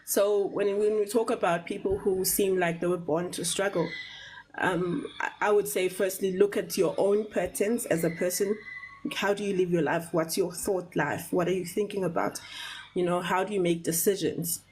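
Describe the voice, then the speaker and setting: A South African woman on a live talk show, explaining ideas in a measured way, often repeating words and checking in with "right?". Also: fairly low pitch, steady tone, a little mellow, a little hiss or hum, rough recording.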